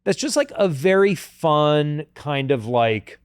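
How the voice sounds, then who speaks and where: A man co-hosting a podcast, chatting casually in an animated, joking way with lots of fillers. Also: on the high side, clean tone, no echo, studio quality. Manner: animated, jokey, puts on quick voices, many fillers. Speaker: podcast co-host. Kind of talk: casual chat.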